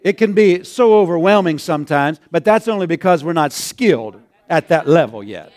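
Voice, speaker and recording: High-voiced chuckling preacher man. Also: expressive, normal speed, darkish tone. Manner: chuckling, call-and-response. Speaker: pastor. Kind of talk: sermon.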